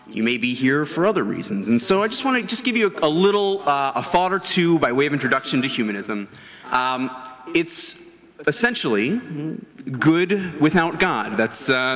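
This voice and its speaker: A man's voice: on the high side, fairly bright tone. A man serving as a university humanist chaplain gives an informal welcoming speech at an award event, with many fillers and restarts. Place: large lecture hall before an audience. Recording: long hall reverb.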